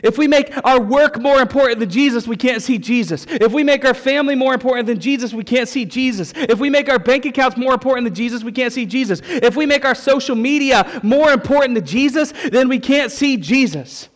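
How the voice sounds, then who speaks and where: A male pastor preaching a sermon, telling stories with repeated refrains in an animated way. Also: very high-pitched, a little fast, few pauses. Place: church sanctuary. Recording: long reverb of a church hall.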